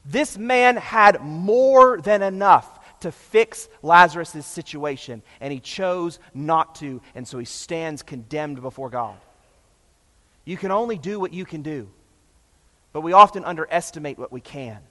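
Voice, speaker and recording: A man preaching a sermon, passionate and emphatic, swinging between loud and hushed. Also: a little high, animated, measured pace, in a large hall. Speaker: pastor.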